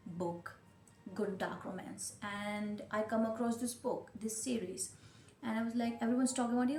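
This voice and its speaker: A chatty woman reviews her month's reading in a casual vlog, opinionated and quick to restart her sentences. Her voice bounces around an echoey room, with a faint hiss of noise behind her. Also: on the high side, a little mellow. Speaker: book reviewer.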